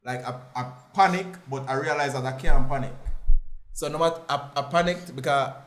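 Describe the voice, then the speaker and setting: A young man telling a personal story as an interview guest, lively and laughing often as he acts out the voices. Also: medium pitch, brisk.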